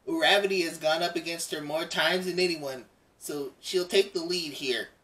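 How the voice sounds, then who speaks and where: A man reading out the lines of a calm young frog-girl hero in his own voice, slightly distant from the mic. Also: fairly high pitch, normal speed, pitched above the performer's own voice. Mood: steady.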